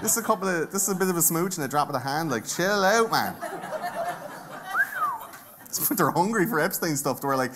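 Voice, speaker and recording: A man's voice: sits high, wildly swooping pitch, moderate pace, pauses often, background noise. A man with an Irish accent giving a jokey, profane conference talk and bantering with the audience from the stage. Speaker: conference speaker. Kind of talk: comedic live talk.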